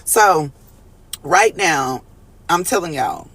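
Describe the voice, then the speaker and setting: A man with a high voice reads tarot for his viewers, talking loosely and swearing freely. He keeps calling out to them as y'all and answers their chat comments as he goes. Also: a little fast, a bit bright, no room sound. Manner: casual, profane, chatty, calls viewers y'all. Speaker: tarot reader. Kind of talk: live collective tarot reading.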